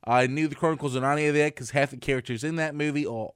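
A man's voice: on the high side, steady tone, fast talker, clear, resonant tone, no room sound, studio quality. A man co-hosting a casual comedy podcast, joking around and tossing in a mock "mate". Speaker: podcast co-host.

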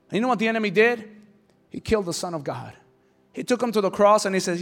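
A male pastor preaching a sermon with passion, swinging from hushed lines to shouts. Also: high voice, expressive, fast talker.

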